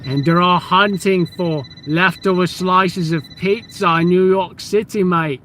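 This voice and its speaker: A man's voice: high-pitched, steady tone, fairly bright tone, slight background noise. A man putting on a mock Australian accent to narrate street pigeons like a nature show. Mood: mock documentary. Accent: put-on Australian. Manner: jokey, drawn-out slangy narration. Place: outdoors on a city street at night.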